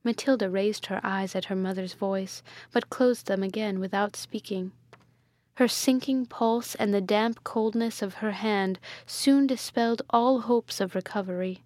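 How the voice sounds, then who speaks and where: A woman narrating a gothic novel in a measured, even storytelling voice. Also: mid-range voice, no room sound. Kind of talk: audiobook reading of a gothic novel.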